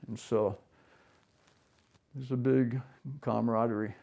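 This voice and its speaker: A man's voice: medium pitch, level tone, slow, vocal fry, mellow, highs cut off. An older man telling rambling anecdotes in an interview, acting out other people's lines along the way. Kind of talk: casual storytelling.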